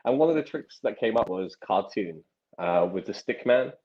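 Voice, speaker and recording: Man, 30s, low voice, chatty magician guest, rambling storyteller, dull recording. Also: lively intonation, moderate pace. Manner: rambling storyteller with many restarts and acted quotes. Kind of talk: casual interview chat.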